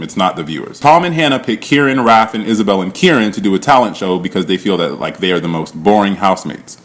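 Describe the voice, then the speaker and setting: A man's voice: fairly low pitch, a bit bright. A man giving a casual spoken recap, chatty and laughing often, with loose swearing and plenty of "like". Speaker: reality show recap vlogger.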